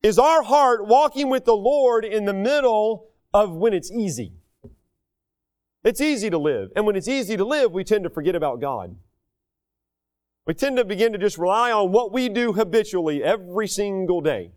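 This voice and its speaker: A man's voice: high voice, animated, moderate pace, a little mellow. A man preaching a sermon from the United States, earnest and conversational, acting out quoted voices as he teaches. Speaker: pastor.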